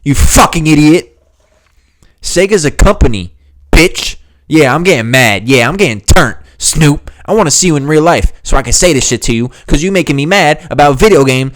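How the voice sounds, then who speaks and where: A man's voice: fairly high pitch, animated, a little fast, few pauses, no echo, clean studio sound. A man hosting a gaming video, giving a heated, sarcastic and profane reaction rant. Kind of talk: ranting reaction commentary.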